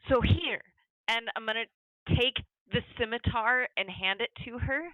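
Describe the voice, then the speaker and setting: A woman's voice: a little high, moderate pace, no echo. A woman playing a tabletop game over an online call, eagerly laying out a plan. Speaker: player. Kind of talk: casual tabletop game play. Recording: dry lo-fi online call audio.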